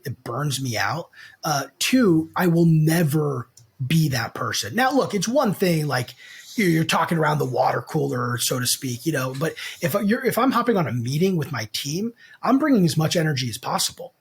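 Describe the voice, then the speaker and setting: A man's voice: fairly high pitch, sing-song, normal speed, creaky, breathy edge. A man co-hosting a casual business podcast, blunt and emphatic, swearing freely as he talks. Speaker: podcast co-host.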